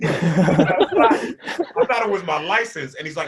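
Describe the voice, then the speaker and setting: A man in his twenties doing animated stand-up storytelling for a virtual event, laughing between lines and acting out the people in his story. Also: high-pitched, a little fast, a loud crowd. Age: 20s. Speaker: stand-up comedian. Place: a room, performing for a virtual event. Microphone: video call microphone.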